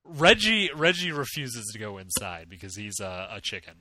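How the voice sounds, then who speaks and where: A man's voice: fairly low pitch, very animated, moderate pace, pushed and bright, dry recording. A young man hosting a casual podcast chat, teasing his co-hosts, laughing often and restarting his sentences. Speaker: podcast host.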